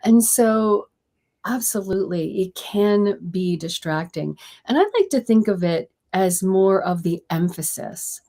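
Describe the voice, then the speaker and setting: A woman's voice: mid-range voice, measured pace. A woman co-hosting a casual podcast, speaking expressively and emphatically with lots of inflection. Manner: expressive, emphatic, talks with her hands. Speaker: podcast co-host.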